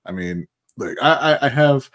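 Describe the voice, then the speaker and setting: A man's voice: mid-range voice, lively intonation, normal speed, fairly bright tone. A man co-hosting a casual sports talk show, rambling with lots of fillers and restarts. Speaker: podcast co-host.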